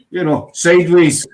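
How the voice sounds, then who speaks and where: This male podcast host has a slightly high voice and is captured on poor audio. He's in a loose, casual chat, wandering from story to story with plenty of "you know."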